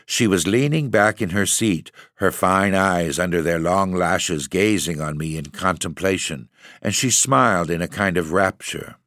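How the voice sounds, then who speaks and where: A man with a deep, low voice reads a gothic story in a measured, steady way. The sound is dry and close to the mic. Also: no echo. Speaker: narrator, podcast host. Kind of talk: gothic audiobook reading.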